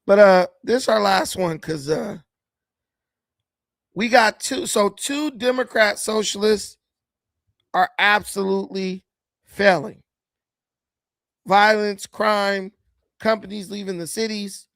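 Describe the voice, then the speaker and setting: A man's voice: high voice, takes it slowly, creaky, long pauses, a bit bright, dry recording. A man hosting casual political commentary, mocking and laughing, with slangy speech and repeated words. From United States.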